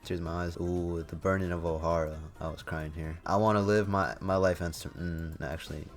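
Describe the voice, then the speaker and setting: A man with a deep, low voice talks through a casual tier list. He rambles in slangy, offhand phrases and keeps restarting to fix his wording. Faint music plays softly underneath. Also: steady tone, a little fast. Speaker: YouTuber ranking anime items.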